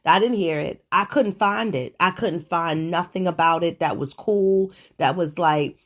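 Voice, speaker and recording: A woman's voice: on the low side, measured pace. A middle-aged woman hosting her own show, ranting about current events in a profane, incredulous way, often stammering and laughing. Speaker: show host. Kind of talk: solo commentary on current events.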